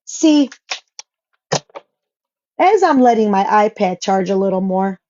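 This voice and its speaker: A woman's voice: medium pitch, lively intonation, slow, dark tone, muffled recording. Blunt, profane woman ranting on a vlog. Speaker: social media vlogger.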